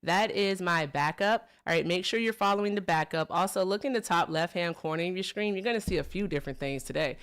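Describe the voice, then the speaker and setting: A woman's voice: on the low side, fast talker, hardly any pauses, a bit bright, smooth. A woman hosting a live political call-in stream, chatty and upbeat, greeting viewers and callers. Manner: chatty, upbeat, says y'all. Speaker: livestream host. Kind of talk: casual livestream chat.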